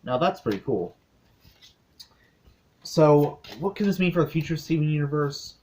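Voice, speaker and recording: A young man in a casual video review, recapping a cartoon episode in a chatty way with quick asides. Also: fairly high pitch, animated, a little mellow.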